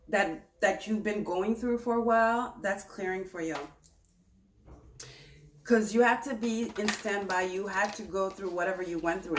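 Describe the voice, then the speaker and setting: A woman giving a tarot reading in a chatty, animated, self-correcting way. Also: medium pitch, reverberant, slight background noise. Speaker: tarot reader.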